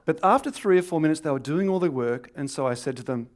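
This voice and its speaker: Animated Australian man telling a comic story. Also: on the high side, fast, few pauses. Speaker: stand-up comedian.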